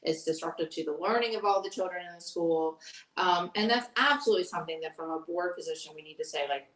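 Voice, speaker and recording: A woman with a slightly low voice lays out her views on school policy in an earnest, explanatory way, pausing often with ums and you-knows. She sounds distant from the mic, and the room around her is echoey. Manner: earnest, explanatory, with frequent fillers. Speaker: school board candidate. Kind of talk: candidate forum answers.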